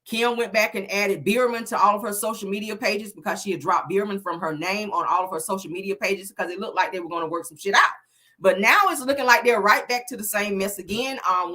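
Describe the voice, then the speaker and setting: A woman's voice: medium pitch, bright, forceful tone. A woman hosting a casual celebrity gossip show, talking in a sassy, blunt way and speaking straight to her viewers. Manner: sassy and blunt, addresses the audience as "honey" and "y'all". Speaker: host.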